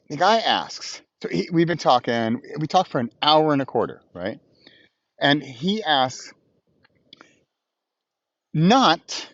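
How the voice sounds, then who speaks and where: A man's voice: medium pitch, no room sound, lo-fi sound. A man talking in a casual morning vlog outdoors by a small pond, hyped up and playful, recorded on Bluetooth headphones. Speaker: vlogger.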